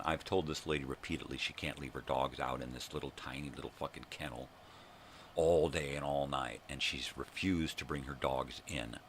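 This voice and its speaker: Very deep gravelly older man ranting. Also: slight background noise. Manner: agitated, swearing, bursts of shouting. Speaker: vlog host. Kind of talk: angry profane rant.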